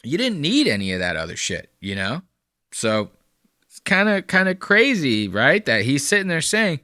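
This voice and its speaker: A man's voice: a little high, wildly swooping pitch, moderate pace, sharp tone, no room sound, studio quality. A man hosting a podcast, giving a mocking, profane reaction commentary on clips. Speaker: podcast host.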